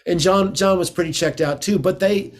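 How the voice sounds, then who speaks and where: A man's voice: high voice, normal speed. A man from the United States, a guest guitarist, chatting casually in an interview as an enthusiastic, rambling storyteller.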